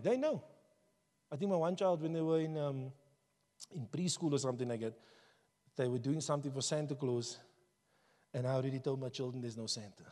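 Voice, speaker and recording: A man preaching a sermon as pastor, passionate and conversational, building to shouts. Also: mid-range voice, brisk, pauses often. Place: church hall. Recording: long hall reverb.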